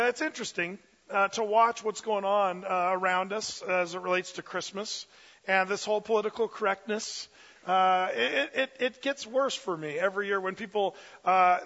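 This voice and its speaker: Energetic, chatty male pastor with a high voice, recorded muffled in an echoing hall. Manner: energetic and conversational, many fillers. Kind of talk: sermon.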